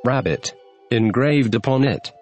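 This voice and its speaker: A man reading a classic storybook aloud as narrator, in a measured, even storytelling manner. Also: medium pitch, lo-fi sound, faint music behind. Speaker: audiobook narrator.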